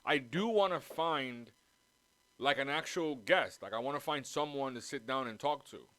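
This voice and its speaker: A man's voice: medium pitch, normal speed, fairly bright tone, no room sound. A man hosting a casual podcast from home, rambling and swearing freely as he jumps between topics and drifts around the mic. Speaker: podcast host. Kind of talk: casual chat. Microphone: moves around the mic.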